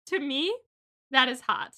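Bright, high-pitched young woman podcaster. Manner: animated, gushing, tells the plot in a rush. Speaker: podcast co-host. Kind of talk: casual book-club chat.

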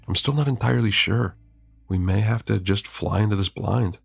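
Guy doing a calm ghost sister in a creepy story, level and thoughtful, gravelly. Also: on the low side, moderate pace, dry recording, soft background music, full character voice. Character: calm, reasoning young woman ghost.

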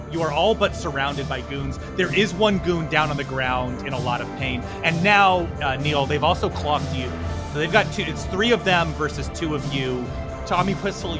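A young man narrating as game master, playful and animated. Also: a little high, moderate pace, music in the background.

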